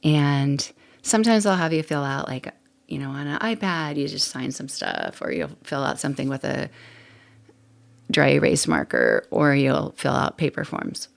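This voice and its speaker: Low, gravelly-voiced chatty woman host. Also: sing-song, normal speed. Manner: chatty and candid, laughs often, rambling asides. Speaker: podcast host. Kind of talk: casual solo podcast monologue.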